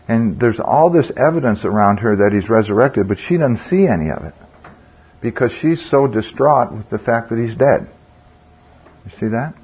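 With a mid-range voice and a breathy edge, an older man teaches a Bible study group conversationally. He questions the group, speaking with fillers and restarts, and the sound is dull lo-fi.

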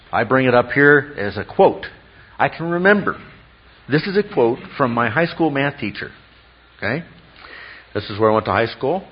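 A pastor delivers an expository sermon in a medium-pitched, slightly rough voice. He sounds teacherly and often checks in with rhetorical questions. The recording has a dull, lo-fi quality.

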